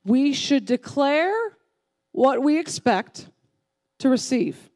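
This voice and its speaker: Woman pastor, sermon, high voice, emphatic, repeats phrases, loud then hushed. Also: animated, slow pace. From Texas family, Southern upbringing.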